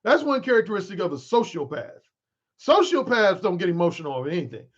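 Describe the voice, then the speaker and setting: Speaking fast with a breathy edge, this high-voiced man, a dating coach and author, talks candidly to his livestream followers. He's animated and restarts frequently, and the recording from his desk mic, which he adjusts mid-stream, sounds muffled.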